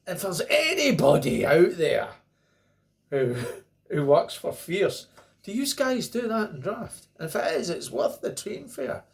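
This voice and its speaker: A man's voice: sits high, very animated, measured pace, creaky. A middle-aged man with a Scottish accent talks his way through a beer review to camera. He is chatty and rambling, tossing in jokey asides as he goes. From Scotland. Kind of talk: casual beer review monologue.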